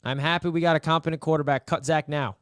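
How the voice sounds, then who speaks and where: A man's voice: fairly high pitch, fairly even intonation, fast talker, a bit bright, clean tone, no room sound, clean studio sound. A young man hosting a casual live sports stream, rambling and mock-despairing, repeating himself.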